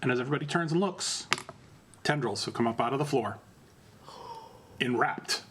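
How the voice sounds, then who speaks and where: A man runs a tabletop vampire role-play game as game master. His narration is relaxed and casual, often pausing with fillers as he describes the scene. He speaks at an ordinary pitch for a man. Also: slight background noise.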